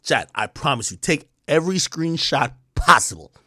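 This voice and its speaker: A man's voice: on the high side, sing-song, normal speed, pushed and bright, no echo, clean studio sound. Emphatic man ranting on a livestream. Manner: emphatic, repetitive, defiant, with profanity. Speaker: streamer host. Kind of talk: livestream monologue to chat.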